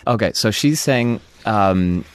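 A man with a somewhat low voice co-hosts a casual podcast in a dry, close studio sound. He talks loosely, laughs easily and restarts his sentences as he goes. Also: animated, smooth, dry recording. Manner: chatty, quick to laugh, restarts often. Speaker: podcast co-host.

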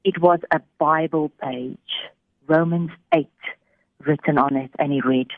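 A woman telling a faith story on the radio, animated, giving voice to the people in it. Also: low voice, unhurried, dry recording. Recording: thin phone-like radio sound.

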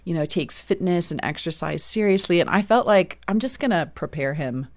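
A woman's voice: fairly low pitch, expressive, normal speed, a little mellow, no room sound. A woman author talking as a guest on an interview show, earnest and given to laughing as she speaks. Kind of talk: casual interview chat.

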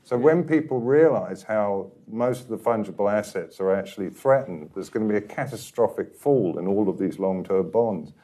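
A man's voice: lowish voice, expressive, moderate pace, hardly any pauses, warm tone. A man speaking as a guest author at a live panel event, erudite, sweeping and freely profane.

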